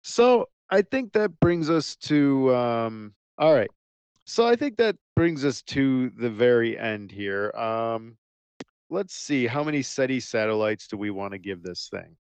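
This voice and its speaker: A man's voice: medium pitch, sing-song, unhurried, a little mellow, clear, resonant tone, no room sound. A man hosting a podcast, keeping his voice down as he steers the talk toward the ratings. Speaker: podcast host. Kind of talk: casual film discussion.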